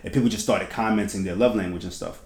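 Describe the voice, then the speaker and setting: A man hosting a podcast, telling stories in lively casual chat with slang, swearing and laughter. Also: on the low side, fast talker. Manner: animated storytelling, laughing, heavy slang and swearing. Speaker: podcast host. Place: podcast studio. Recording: echoey room.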